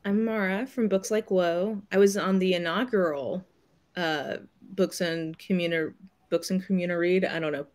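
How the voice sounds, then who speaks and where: A woman's voice: on the low side, fairly even intonation, moderate pace, a little mellow. Chatty woman on a video call. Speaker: guest book reviewer. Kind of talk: casual video call chat.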